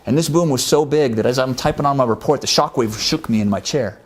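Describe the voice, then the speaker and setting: Man, war memoir, conversational, brisk pace, earnest. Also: medium pitch. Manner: earnest, conversational, acts out quoted voices. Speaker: military medic recounting a war story. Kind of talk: first-person war story told to camera.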